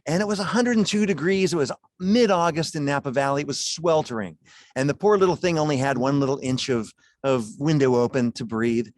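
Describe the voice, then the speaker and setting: A man's voice: a little high, a little fast, no room sound. A man presenting wines at a charity gala over a video call, in a chatty, folksy way, chuckling as he talks.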